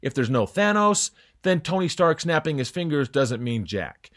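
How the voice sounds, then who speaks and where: A man's voice: fairly high pitch, big pitch swings, moderate pace, fairly bright tone. Sarcastic young man giving sports opinions. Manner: sarcastic, mocking, theatrical emphasis. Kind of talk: scripted sports opinion commentary.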